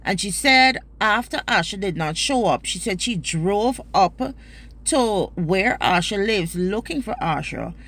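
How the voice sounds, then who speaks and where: A woman with a Guyanese accent, speaking at a middling pitch, tells a story to her viewers. Her delivery is emphatic and salted with swearing and Creole phrasing. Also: animated, a little slow, a bit bright. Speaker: mother telling a personal story. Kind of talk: storytelling vlog.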